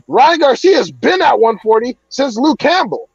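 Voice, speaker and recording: Guy with a really high voice ranting hard, lots of swearing, dry dull lo-fi sound. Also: sing-song, measured pace, creaky, husky, no echo. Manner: heated, profane ranting. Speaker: boxing commentator. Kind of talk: casual chat.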